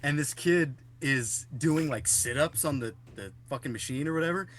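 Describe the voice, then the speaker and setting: A young man with a bright, forward voice rambles through anecdotes in loose, casual chat. He leans on fillers and curses as he goes. A faint hiss sits under the recording. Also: fairly high pitch, moderate pace. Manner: rambling storyteller with many fillers and swearing. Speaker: podcast co-host.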